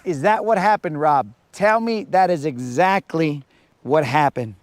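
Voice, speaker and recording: A man hosts a live fishing stream from a lake, teasing his viewers in a playful, slangy way. He talks slowly in a fairly high voice. The sound is dry and close. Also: no echo. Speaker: fishing livestream host. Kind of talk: casual live-stream chat.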